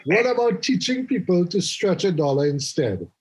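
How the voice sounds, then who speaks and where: A man's voice: high voice, big pitch swings, moderate pace, darkish tone, husky, rough recording. A man hosting a casual podcast panel, chatty and opinionated, often restarting his sentences. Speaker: podcast host.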